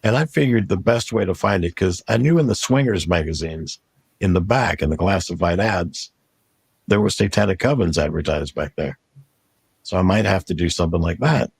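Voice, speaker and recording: Blunt male interviewee, gravelly and husky, dry close recording. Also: sits low, moderate pace, no room sound. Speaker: interviewee telling his testimony. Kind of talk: storytelling interview.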